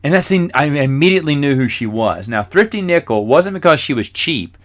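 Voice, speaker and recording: A man's voice: on the high side, big pitch swings, brisk, a bit bright. A middle-aged man hosting a podcast, telling rambling, self-mocking stories in a casual way. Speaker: podcast host. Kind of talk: casual storytelling.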